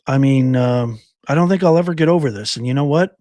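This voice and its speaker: Ending a casual livestream, the older male host thanks his viewers by name with earnest emotion and gets choked up. He speaks a little fast at a medium pitch with a dark tone, and there is no room sound.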